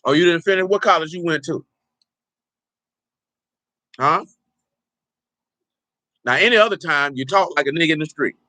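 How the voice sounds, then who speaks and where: A man's voice: fairly high pitch, moderate pace, pauses often, bright, forceful tone, no room sound. A man preaching an informal teaching sermon, teasing and bantering with the congregation as he goes. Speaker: pastor.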